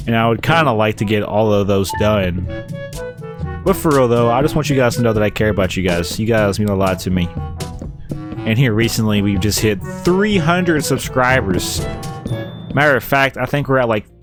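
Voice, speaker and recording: A man's voice: mid-range voice, moderate pace, music in the background. A man with a Kentucky Southern accent giving rambling, laid-back commentary while he plays a building game on stream. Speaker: let's-play streamer. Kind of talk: casual gameplay commentary.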